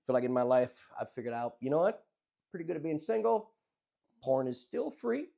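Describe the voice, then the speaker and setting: A man co-hosting a casual podcast, telling a rambling, animated story and swearing freely. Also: medium pitch, quick pace, gravelly. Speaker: podcast co-host. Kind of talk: casual chat.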